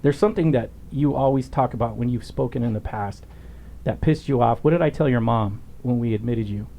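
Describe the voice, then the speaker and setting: A middle-aged man hosts a casual podcast, telling stories bluntly and with plenty of swearing. His voice has a warm, relaxed tone. There is a faint background hiss. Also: medium pitch, brisk, vocal fry. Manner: blunt, profane, animated storyteller. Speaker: podcast host, former police officer. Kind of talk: casual storytelling interview.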